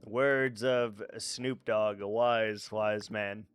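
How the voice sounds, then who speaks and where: A man's voice: lowish voice, steady tone, extremely slow, clear, resonant tone. A man chatting casually while streaming a game, rambling, swearing freely and talking to his chat. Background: faint background music.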